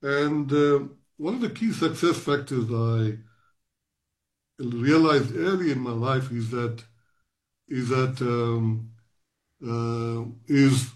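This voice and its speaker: A man in his sixties, a professor giving long, reflective interview answers, pausing often with fillers and restarts. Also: mid-range voice. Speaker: guest, professor.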